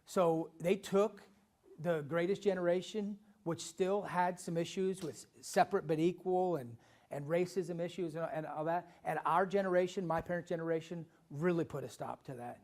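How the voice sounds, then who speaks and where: A man's voice: a little high, normal speed, darkish tone. A middle-aged man from Illinois giving an impassioned town hall speech, emphatic and repeating himself, with frequent restarts. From Illinois, USA. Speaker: political speaker at a town hall.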